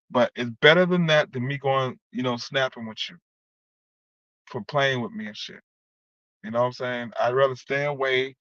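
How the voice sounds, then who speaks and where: His mid-range voice has a bit of brightness as he delivers a rambling, angry vlog monologue full of swearing, aimed at someone who did him wrong, with "you know what I'm saying" repeated again and again. It's a dry, dull, lo-fi recording with no room sound.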